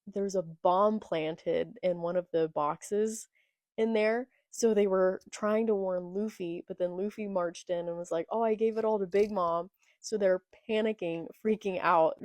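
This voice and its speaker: A woman's voice: mid-range voice, darkish tone, no room sound. A young woman talking casually and enthusiastically as she recaps and reacts to a manga she is reading. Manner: enthusiastic, gushing. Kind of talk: casual chat.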